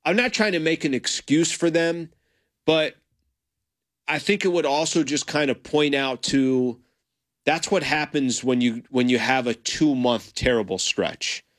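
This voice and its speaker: A man's voice: medium pitch, a little slow. A man co-hosting a sports radio show, talking casually and hedging with restarts.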